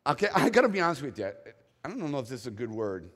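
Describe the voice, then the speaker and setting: A man's voice: medium pitch, big pitch swings, racing, fairly bright tone. A middle-aged male pastor preaching a sermon, candid and self-deprecating, telling a personal story with mocking quoted voices. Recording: long reverb of a large hall.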